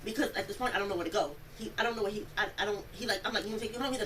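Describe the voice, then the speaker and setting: A young woman recounting an incident in an interview, telling it in a rambling, animated way and acting out the quoted speech. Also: medium pitch, rapid-fire. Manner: animated storytelling, acts out quoted speech, many "like" fillers. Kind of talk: rambling first-person account. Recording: distant mic, noisy room audio.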